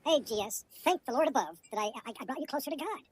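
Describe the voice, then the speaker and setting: High, fast, furious woman ranting. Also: lively intonation. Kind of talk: heated rant on a livestream.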